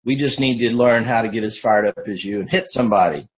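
A man's voice: fairly low pitch, fast. Encouraging guy on a talk show, a bit off mic, dull lo-fi sound. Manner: rousing and encouraging.

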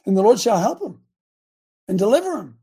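A man's voice: high voice, big pitch swings, brisk, dark tone, slightly rough. A man hosting a call-in program, reading scripture with emphasis and calling on callers by name. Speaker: host.

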